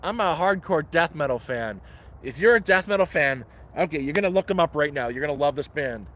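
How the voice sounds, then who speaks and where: A blunt, plain-spoken man chats on a live stream from the woods, his voice sitting a little high. He swears freely, and his phone picks up a faint hum of outdoor air and passing traffic behind him. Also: animated, fairly quick, a bit bright. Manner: blunt, profane, frank advice giver. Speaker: livestream host living outdoors. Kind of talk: casual live-stream chat. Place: outdoors in woods near a camp.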